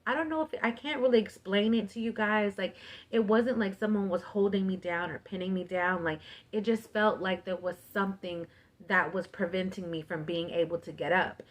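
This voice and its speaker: A woman's voice: mid-range voice, normal speed. Chatty woman telling a spooky story. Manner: filler-heavy, animated retelling with "like". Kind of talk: casual storytime vlog.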